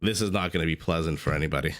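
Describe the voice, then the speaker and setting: A man's voice: a bass voice, racing, fairly bright tone. A man casting a strategy game live on stream, playful and chatty, coughing along the way. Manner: playful, chatty, teasing himself. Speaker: esports caster. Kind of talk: live game commentary and casual stream chat.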